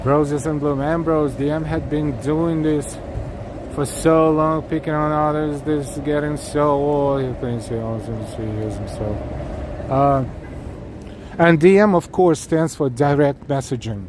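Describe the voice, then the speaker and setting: This live-stream tour host speaks at a measured pace in a slightly high voice with fairly even intonation, chatting casually as he strolls outdoors on an evening city street. Earnest and talkative, he reads viewer messages aloud straight to camera. His handheld rig picks up faint city traffic behind him.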